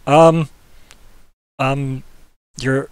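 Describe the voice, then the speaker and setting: A man's voice: medium pitch, little pitch movement, very slow, clear, resonant tone, dry recording, voice pushed up. A man voicing a flustered, stammering young bandit guard of about nineteen. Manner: stammering, confused.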